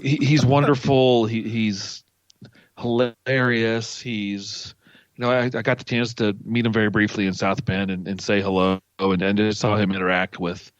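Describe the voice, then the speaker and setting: A man with a low voice tells stories with eager enthusiasm on a podcast. The recording is dry and a little muffled. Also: moderate pace, no room sound. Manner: enthusiastic storyteller, animated. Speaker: podcast guest. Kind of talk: casual podcast chat. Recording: dull, dry lo-fi audio.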